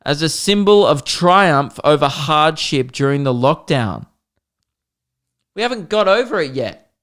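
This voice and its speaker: Young aussie comedian, smooth voice, a bit higher, rambling and swearing on his podcast. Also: expressive, a little slow, fairly bright tone. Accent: Australian. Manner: sweary, rambling and self-deprecating. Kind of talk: solo comedy podcast rant.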